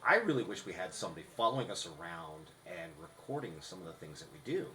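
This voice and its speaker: A man's voice: low voice, very animated, fast talker, bright, forceful tone, slight background noise, poor audio. A man co-hosting a podcast, explaining rehearsal tips in a casual, instructive way. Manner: instructive, restarts often. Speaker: podcast co-host.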